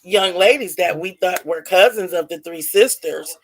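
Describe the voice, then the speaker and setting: A woman's voice: lowish voice, moderate pace, husky, poor audio. A woman telling a rambling family drama story in a casual spoken way, often restarting and correcting herself. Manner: rambling, repeats and self-corrects.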